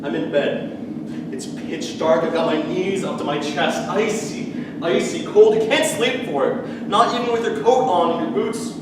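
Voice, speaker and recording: A man's voice: high voice, normal speed, lightly acted. A man playing a grim son haunted by his past. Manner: grim, intense monologue delivery. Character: grown man reliving a brutal, drunken childhood home. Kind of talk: live stage monologue. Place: theatre stage. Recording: echoey hall, distant mic, audible noise.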